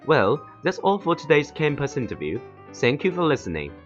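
A man's voice: fairly high pitch, very animated, moderate pace, faint music behind. A man hosting a campus radio interview, speaking in a formal, somewhat stiff scripted way. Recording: dull lo-fi recording.

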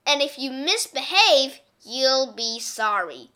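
A woman voicing a strict, mean substitute teacher who gives stern, loud orders. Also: high-pitched, very animated, takes it slowly, heavily acted.

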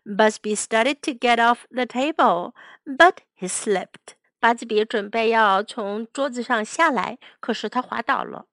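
A woman's voice: fairly high pitch, unhurried, fairly bright tone, no room sound. A woman teacher reading a children's story aloud, each line in English and then in Chinese.

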